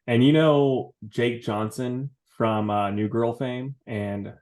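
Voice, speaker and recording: A man's voice: medium pitch, fairly even intonation, slow pace, a little mellow. A man co-hosting a podcast, telling stories animatedly, laughing a lot and swearing casually. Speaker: podcast co-host. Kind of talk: casual chat.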